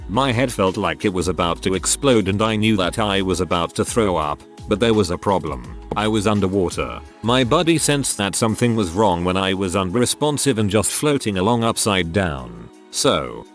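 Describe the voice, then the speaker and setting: A man narrating scripted stories in an expressive storytelling delivery. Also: lowish voice. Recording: faint background music.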